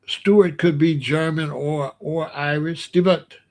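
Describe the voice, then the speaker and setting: A man's voice: on the high side, fairly even intonation, unhurried, darkish tone. A middle-aged man ranting bluntly and profanely in casual commentary, repeating himself and dismissing others.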